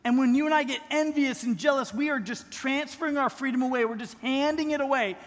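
Speaking a little fast in a very high-pitched voice, a middle-aged male pastor gives a sermon that's conversational and heavy on rhetorical questions. The recording, made in a church sanctuary, has the long reverb of a large hall.

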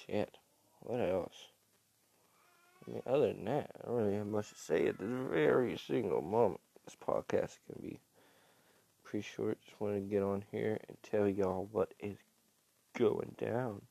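A fairly low-voiced man gives a slow, laid-back podcast update, slightly hoarse, with a gravelly rasp in his voice. He rambles and fills the gaps with ums. The sound is dry and close, with no room around it. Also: warm tone, no echo. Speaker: podcast host.

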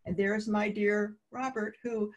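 Woman, interview guest, husky slightly breathy tone, mid pitch, animated storyteller quoting others. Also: unhurried. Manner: lively anecdotes, acting out quoted dialogue. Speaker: guest, peace advocate.

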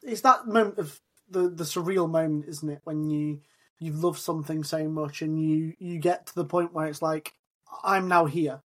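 A man's voice: on the high side, fairly even intonation, moderate pace. A man co-hosting a podcast, musing aloud in casual chat. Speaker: podcast co-host.

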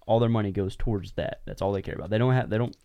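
A man's voice: fairly low pitch, rapid-fire, mellow, highs cut off. A man co-hosting a casual podcast chat, hesitant and full of fillers. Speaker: podcast co-host.

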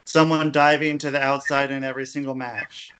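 A man's voice: medium pitch, flat delivery, a little fast, crowd noise. A man co-hosting a podcast in laid-back, rambling casual chat, swearing freely. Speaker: podcast co-host.

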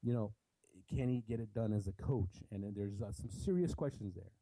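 A man's voice: lowish voice, a little fast, dark tone, low-quality recording. A man co-hosting a soccer podcast in casual chat, giving opinionated takes with many restarts. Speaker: podcast co-host.

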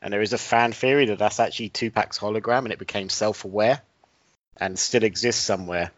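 A man with a lowish voice hosts a loose comedy podcast, delivering invented stories with a straight face. The sound is dry and close, with a slightly dull, lo-fi tone. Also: a little fast, no echo. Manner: deadpan absurd storytelling. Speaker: podcast host. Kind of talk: casual comedic chat.

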